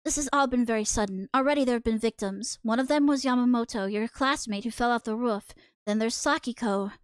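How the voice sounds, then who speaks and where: A grave male schoolteacher, put on by a woman reading a manga aloud, lecturing a frightened class in a solemn, commanding tone. The voice sits lower than her own, recorded close and dry. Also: a little fast, clean tone, dry recording, lightly acted.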